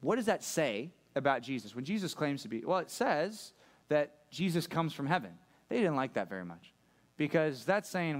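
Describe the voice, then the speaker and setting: A man's voice: a little high, sing-song, a little fast. Chatty pastor preaching to his congregation. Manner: conversational, asks the room questions, jokes. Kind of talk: sermon. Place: church room with a live audience.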